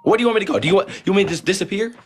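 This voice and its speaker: A man's voice: high-pitched, racing, faint music behind. A man bantering on a livestream, teasing and playful, swinging between insults and compliments. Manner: teasing, animated, swings between joking and sweet.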